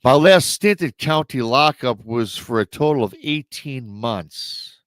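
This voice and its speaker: Male host retelling a listener story; chatty, rambling, mid-pitched, dry recording. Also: animated, unhurried, fairly bright tone, no echo. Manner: rambling, conversational asides to the audience.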